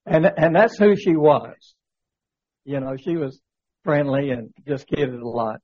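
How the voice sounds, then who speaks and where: In a church classroom, a man teaches a Bible study lesson, telling a story conversationally with lots of fillers and rhetorical questions. His voice is medium-pitched, unhurried and slightly rough. There's no room sound, though the highs are cut off.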